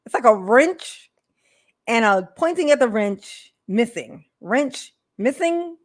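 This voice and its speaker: A woman's voice: on the high side, expressive, slow pace. A woman live streamer, chatting casually with viewers, rambling and laughing often.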